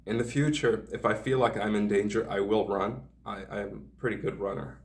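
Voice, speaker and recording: Low-voiced man telling a rambling story. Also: steady tone, brisk, vocal fry, far from the mic. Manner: meandering, sardonic, hedging asides. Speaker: vlogger.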